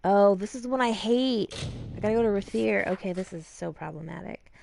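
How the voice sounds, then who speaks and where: Chatty woman with a gravelly voice. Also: mid-range voice, a little fast, a little mellow, a little hiss or hum. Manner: chatty, swears casually, acts out characters' lines. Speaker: streamer playing a game. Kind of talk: casual gameplay commentary.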